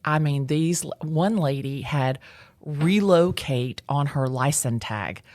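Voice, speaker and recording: A woman, telling her career story as an interview guest in a lively, bubbly way, acting out what people said. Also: sits low, slow pace. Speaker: real estate agent, guest. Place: real estate association office.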